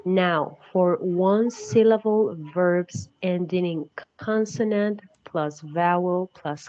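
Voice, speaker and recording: A woman narrating an English spelling lesson, slowly and carefully repeating each example. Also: mid-range voice, dull audio. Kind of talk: recorded English grammar explanation.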